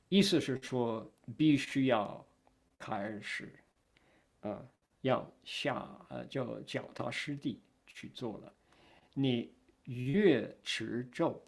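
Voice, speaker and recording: A man's voice: mid-range voice, dark tone. A man, a Buddhist monk, gives a dharma talk on a sutra, puts questions to his listeners and acts out short exchanges. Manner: translates himself between English and Chinese; asks the audience questions.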